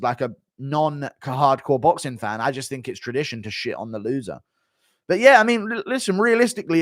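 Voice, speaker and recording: A man hosting a live stream, talking bluntly and swearing freely as he rambles through fight takes. His pitch jumps around a lot, and he is recorded close on a dry mic. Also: a bit bright, no echo. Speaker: livestream host reading viewer donations. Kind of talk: casual profane live-stream commentary.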